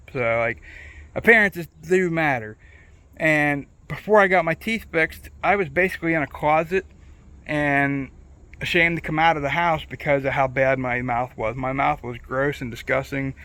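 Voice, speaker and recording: A middle-aged man talks straight to the camera in a loose, rambling way, circling back and swearing freely. His voice is bright and sits a little high. A faint lisp from ill-fitting dentures softens his words. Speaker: vlogger. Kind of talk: casual talk to camera.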